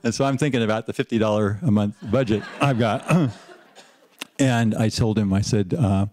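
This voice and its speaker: A man's voice: fairly low pitch, normal speed. An older man on a panel telling an anecdote about his teaching days, often chuckling and restarting his sentences. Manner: lively storyteller who chuckles and restarts often. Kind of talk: anecdotal storytelling.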